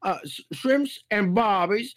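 A man's voice: sits high, takes it slowly. A man playing a bumbling, rambling Australian co-host in an improvised comedy sketch, with a put-on Australian accent. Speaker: podcast co-host.

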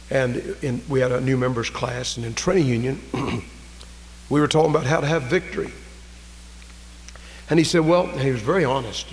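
A man preaching a sermon, fervent, swinging from loud raised cries to low, quiet storytelling. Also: big-room sound, a little hiss or hum, low-quality recording. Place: church.

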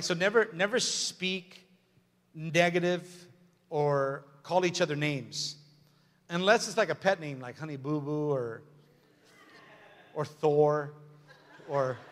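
A man's voice: fairly high pitch, fairly bright tone. A man preaching a sermon as pastor, emphatic and repetitive, with joking asides. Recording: long hall reverb with faint music.

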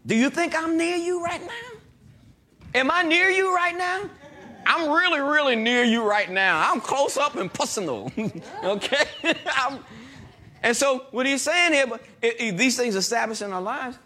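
A male pastor with a very high-pitched voice delivers a lively sermon. He reads scripture slowly and with emphasis, tossing call-and-response asides to the congregation.

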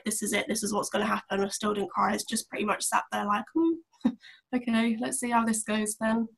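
A woman's voice: medium pitch, gravelly, a bit bright. A young woman answering interview questions openly and matter-of-factly. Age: young adult. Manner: open, matter-of-fact, with fillers. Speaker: podcast guest.

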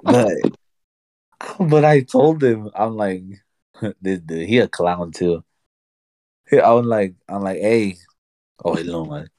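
Casual male co-host, lowish voice, lively storyteller who plays out both sides of a chat, dry close mic. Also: takes it slowly, long pauses, no room sound. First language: Spanish. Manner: animated storyteller, acts out dialogue, laughs often. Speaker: podcast co-host.

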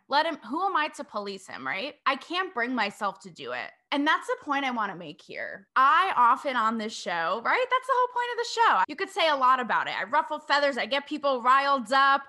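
A woman's voice: fairly high pitch, sharp tone. A woman from New England hosting her own show, giving an emphatic opinion monologue straight to her listeners. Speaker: podcast host.

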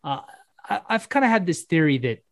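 A man's voice: a little high, a little fast, creaky, no echo. Rambling man, dry close sound. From American South. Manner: rambling, self-correcting, lively speculation. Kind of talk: casual podcast chat.

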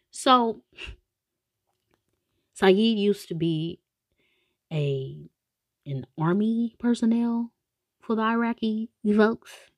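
A woman casually retelling a story with comedy, slangy and animated, with many asides. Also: medium pitch, drawn-out words, long pauses, dry recording. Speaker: show recapper.

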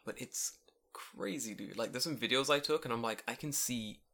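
A man co-hosting a casual podcast, swearing a lot and telling animated stories with put-on voices. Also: mid-range voice. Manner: fast, profane, animated storytelling with put-on voices. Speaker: podcast co-host. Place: home recording room.

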